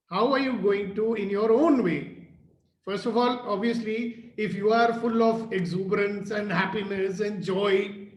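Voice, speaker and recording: A high-voiced man leads a morning group video call. He coaxes his listeners with question after question and laughs often. The call audio sounds echoey and roomy. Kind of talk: motivational group talk on a call.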